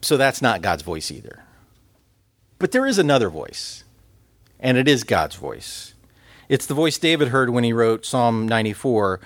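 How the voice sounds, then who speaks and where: A man's voice: medium pitch, very animated, moderate pace, long pauses, dry recording. Male preacher, conversational sermon delivery, medium voice, dead-dry room. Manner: earnest, conversational preaching with scripture quotes.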